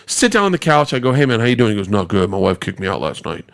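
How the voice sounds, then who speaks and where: Profane, animated man telling a story. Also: fairly low pitch, quick pace, gravelly. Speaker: podcast guest, comedian. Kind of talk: casual storytelling anecdote.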